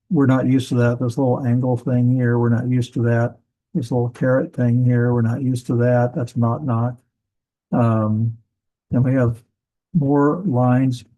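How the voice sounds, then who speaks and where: A man's voice: mid-range voice, warm tone, rough recording. A man teaching a class on biblical language, explaining step by step with frequent fillers and restarts. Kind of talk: classroom lecture.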